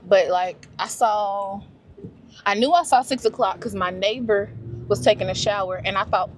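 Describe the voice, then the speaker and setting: A woman's voice: mid-range voice, normal speed. Woman vlogging while driving, chatty and self-talking, road noise under her. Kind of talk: casual vlog chat. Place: in a car, driving.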